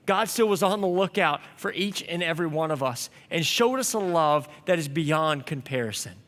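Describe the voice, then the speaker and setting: A man's voice: sits high, a bit bright, in a large hall. A young man preaching a sermon, telling a story in an earnest, conversational way. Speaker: pastor.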